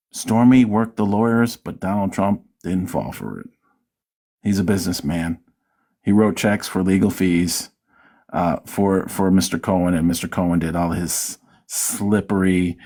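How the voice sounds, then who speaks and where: A man's voice: medium pitch, a little mellow. A man hosting his own vlog, mocking and taunting his targets in loose political commentary. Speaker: vlogger.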